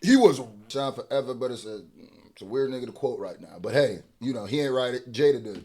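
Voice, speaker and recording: A man hosting a casual album reaction, swinging between excited hype and quieter mumbled asides. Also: mid-range voice, a little fast, noisy background. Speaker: music reaction host.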